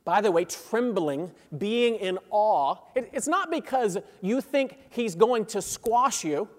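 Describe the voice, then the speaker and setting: Male pastor, high voice, conversational sermon with tag questions, long hall reverb. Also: lively intonation, takes it slowly. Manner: conversational, checks in with "right?"; chuckles between phrases, grows intense.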